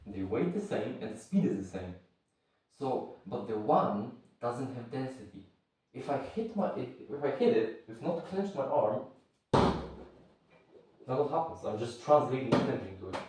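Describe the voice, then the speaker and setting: A man's voice: medium pitch, big pitch swings, normal speed, darkish tone, far from the mic. A man with as his teaches a martial arts lesson in an offhand, rambling way, stopping to search for words. He stands well back from the mic, and his voice rings around a very echoey room. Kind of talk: casual spoken lesson.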